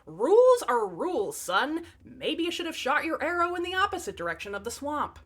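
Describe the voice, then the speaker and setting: A woman's voice: high-pitched, wildly swooping pitch, moderate pace, voice pushed up. A woman voicing a stern old king who speaks bluntly and dismissively.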